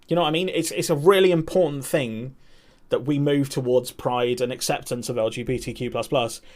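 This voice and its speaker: A man's voice: medium pitch, a little mellow. A young man chatting candidly and rambling on a live stream, swearing and laughing often. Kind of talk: casual chat.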